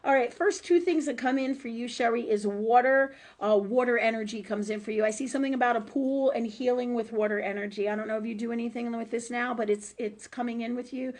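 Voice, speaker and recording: A woman's voice: a little high, fairly quick, hardly any pauses, a little mellow. Chatty woman giving psychic readings. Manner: loose and chatty, full of fillers and tag questions, swears. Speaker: host and psychic reader. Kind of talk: casual live-stream psychic readings.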